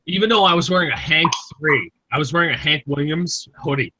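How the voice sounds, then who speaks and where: A man with a bright, slightly raised voice spins long, profane anecdotes on a group call. He rambles, restarts, and acts out the other people in his stories. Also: on the high side, a little fast, slightly rough, low-quality recording. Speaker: host. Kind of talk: casual group chat. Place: online voice call.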